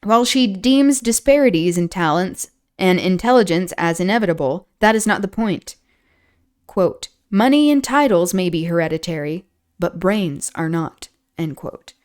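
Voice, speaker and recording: A streamer reads a book's introduction aloud in a smooth, clear voice. She sometimes stumbles over a word and starts it again. Now and then she stops to add a casual, chatty comment of her own. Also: fairly low pitch, lively intonation, normal speed, darkish tone. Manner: stumbles and restarts on words, laughs at own slips. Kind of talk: reading aloud with casual asides. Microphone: streaming setup.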